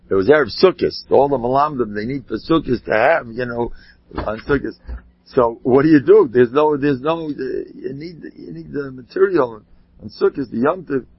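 A man tells Torah stories in a loose, rambling way, full of animated asides. His voice is husky. The recording is dry and dull, with a lo-fi sound. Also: medium pitch, no echo. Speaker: rabbi giving a talk. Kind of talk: informal Torah talk with stories.

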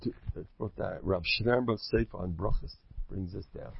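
Religious speaker: a man with a husky, gravelly voice, preaching emphatically and cracking jokes. Lo-fi recording. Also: lowish voice, expressive, moderate pace, dry recording. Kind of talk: sermon. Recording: lo-fi dull recording.

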